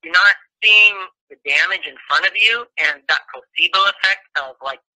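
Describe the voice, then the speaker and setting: Guy on a call, rambly, bright kinda husky voice, lots of restarts. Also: high voice, moderate pace, low-quality recording. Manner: rambling, many restarts and fillers. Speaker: guest. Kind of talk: casual interview talk.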